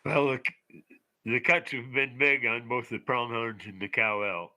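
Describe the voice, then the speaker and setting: A man on an advisory council putting questions at a public meeting, halting and searching for his words. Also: medium pitch, fairly even intonation, sharp tone, low-quality recording.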